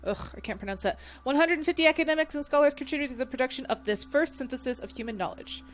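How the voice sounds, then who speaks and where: A woman streamer giving casual, excitable gameplay commentary and reading on-screen text aloud. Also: high-pitched, quick pace.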